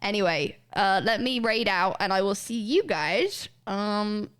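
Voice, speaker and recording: A woman's voice: mid-range voice, animated, measured pace, a bit bright, smooth. A young woman chatting casually on her stream, rambling, swearing and trailing off mid-sentence. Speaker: livestreamer.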